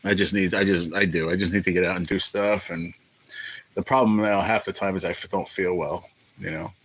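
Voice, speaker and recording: A man's voice: low-pitched, fairly even intonation, fairly quick, fairly bright tone, poor audio. A man hosting a casual livestream, joking and rambling with viewers and swearing freely. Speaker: livestream host.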